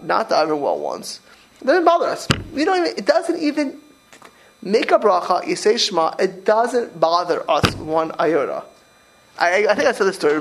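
Male rabbi, rapid animated sermon, slightly high voice, stumbling restarts. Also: slight background noise, rough recording. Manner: rapid, animated, with many restarts and repeated words. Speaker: rabbi giving a Torah class. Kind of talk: informal sermon to a group.

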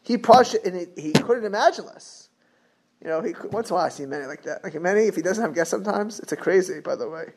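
Animated rabbi with a higher voice. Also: male voice, fast talker. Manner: animated, joking, acts out scenes, weaves in Hebrew and Yiddish terms. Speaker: rabbi teaching a class. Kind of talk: lively Torah class.

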